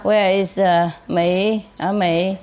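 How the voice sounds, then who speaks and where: A woman who is a spiritual teacher answers an audience at an informal gathering, speaking slowly in a lowish voice with fairly even intonation. She's playful, laughs often, and sometimes imitates accents, and the muffled recording carries audience sounds and noise.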